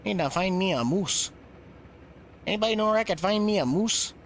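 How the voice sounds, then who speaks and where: A man's voice: high-pitched, lively intonation, a little fast, a bit bright, slight background noise. A man doing a jolly, exaggerated Canadian man in a folksy, sing-song drawl. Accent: put-on Canadian.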